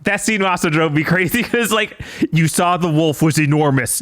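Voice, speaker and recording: A man co-hosting a casual movie podcast, incredulous and full of quick questions, laughing as he goes. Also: high-pitched, fairly bright tone, no echo. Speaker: podcast co-host.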